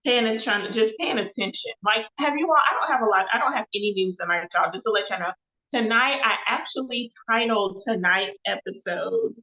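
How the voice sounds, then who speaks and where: Hosting her own live show and podcast, a woman with a bright, slightly high voice talks fairly quickly and chattily, repeating phrases and calling her viewers "y'all." The casual livestream talk includes faith references. The audio is echoey and a bit dull, like a home room captured on a basic mic.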